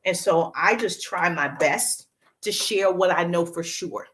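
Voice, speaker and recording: A woman's voice: fairly low pitch, a little slow, fairly bright tone. A woman with a Southern US accent hosts a casual livestream as a social media business coach, upbeat and greeting viewers by name, with a cough drop in her mouth.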